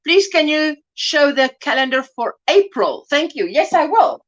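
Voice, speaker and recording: A woman's voice: high-pitched, expressive, unhurried, lo-fi sound. A woman hosting a crochet livestream, chatting casually as she greets viewers by name and calls them sweetheart. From South Africa. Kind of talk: casual livestream chat reading viewer comments.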